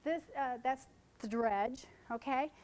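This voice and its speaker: A woman photographer speaks to a seminar room full of colleagues, her voice sitting high. She tells stories from her work with lots of life and acts out the people in them, picked up by a stage microphone. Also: takes it slowly. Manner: animated storyteller who acts out quoted people. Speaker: wedding photographer presenting to colleagues. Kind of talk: seminar talk with storytelling.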